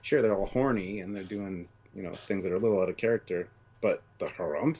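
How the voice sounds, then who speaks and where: A man's voice: sits low, quick pace. A man co-hosting a casual live stream, chatting and reading out donor names. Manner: reads out donor names, lively banter. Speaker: podcast co-host. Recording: dull lo-fi stream audio.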